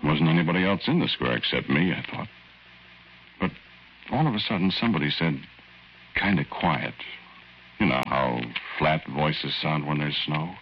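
A man narrating as a folksy, easygoing everyday fellow, telling his own story in a relaxed way with drawn-out asides, in 1940s radio acting style. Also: rumbling low, slight background noise. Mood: reminiscing. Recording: muffled old radio recording with music underneath.

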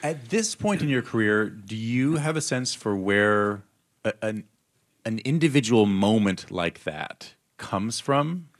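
Low-voiced man asking measured questions. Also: expressive. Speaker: interviewer. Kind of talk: onstage interview.

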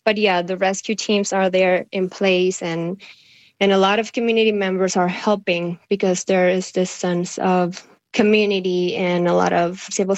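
Flat-toned woman charity worker. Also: lowish voice, no echo. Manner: steady, even delivery with some fillers. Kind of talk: news interview.

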